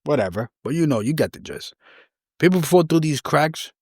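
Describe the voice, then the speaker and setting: A man's voice: fairly high pitch, expressive, normal speed, husky, no room sound, clean studio sound. A man, hosting a podcast and telling a personal story in an earnest, rambling, conversational way. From New York City. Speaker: podcast host.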